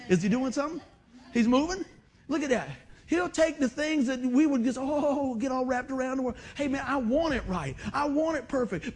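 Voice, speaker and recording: With an extremely high pitch and a breathy edge, a middle-aged pastor preaches, repeating lines and pressing the congregation on. His delivery is an emotional, repetitive exhortation sprinkled with call-and-response asides.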